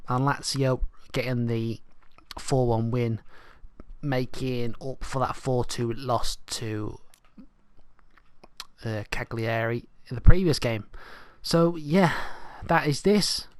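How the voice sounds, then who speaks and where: A man's voice: mid-range voice, clear, resonant tone, dry recording. A young man giving casual, rambling let's-play commentary, thinking aloud as he goes. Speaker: gaming channel host.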